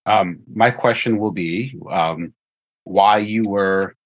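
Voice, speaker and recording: A man playing a tabletop game, speaking haltingly and repeating words. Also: lowish voice, highs cut off. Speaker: player. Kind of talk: casual tabletop game play.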